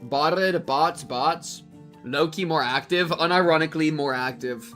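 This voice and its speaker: A man streaming a reaction to a game, talking loudly and excitedly and calling everyone bro. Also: medium pitch, measured pace, faint music behind. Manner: loud, excitable, keeps calling people bro.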